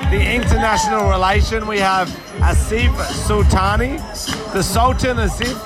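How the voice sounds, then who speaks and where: A man's voice: high-pitched, huge pitch swings, normal speed. A tipsy man co-hosting, giving rowdy joking commentary into a phone voice memo at a pub fight night. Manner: rowdy, joking, half-shouting over noise. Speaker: podcast co-host. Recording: phone memo, loud music and crowd. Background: loud music and crowd.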